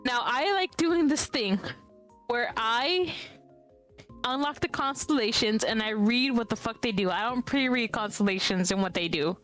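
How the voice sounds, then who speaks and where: A young woman streamer telling a long rambling story in casual chat, animated and laughing often. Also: on the high side, normal speed, soft background music.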